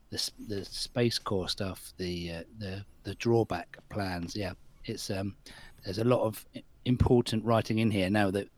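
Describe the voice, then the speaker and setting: A man hosting a podcast in a casual, chatty, self-deprecating way. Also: fairly low pitch. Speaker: podcast host. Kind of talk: casual chat.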